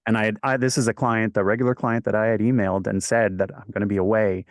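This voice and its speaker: A voice actor from Quebec, Canada talks casually as an interview guest, telling stories in a rambling, self-correcting way. His low-leaning voice is flat and fast, recorded at studio quality with no echo.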